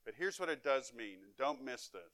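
A man pastor preaching a sermon, with emphatic delivery that swings between loud and soft and between fast and drawn out. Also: medium pitch, expressive, dry recording. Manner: emphatic preaching with wide swings in loudness and pace.

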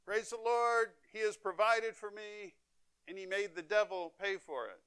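Man voicing a little old lady, devout, jubilant, high raised voice, crisp. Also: unhurried. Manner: shouting praise in a high voice.

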